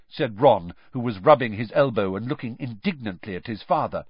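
A man narrating an audiobook with a dramatic, expressive reading, on a slightly dull, dry recording. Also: medium pitch, fairly quick, hardly any pauses, breathy edge, no room sound.

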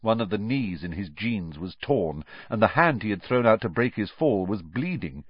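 A man narrating an audiobook in an expressive storytelling manner. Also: fairly low pitch, normal speed, husky, dry recording. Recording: dry, slightly muffled.

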